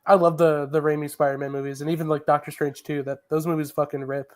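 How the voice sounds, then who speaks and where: A man's voice: on the high side, little pitch movement, fast talker. A man co-hosting a casual podcast, rambling enthusiastically about films with lots of fillers and restarts. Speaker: podcast co-host. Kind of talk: casual chat about movies.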